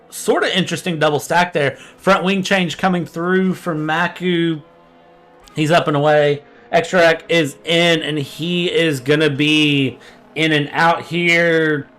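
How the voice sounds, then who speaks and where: A young man giving fast, energetic live commentary on an online sim race. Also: fairly high pitch. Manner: energetic, quick play-by-play.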